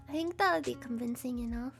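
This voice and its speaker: A woman streamer in casual chat, giggly and rambling, with lots of "like" fillers. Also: very high voice.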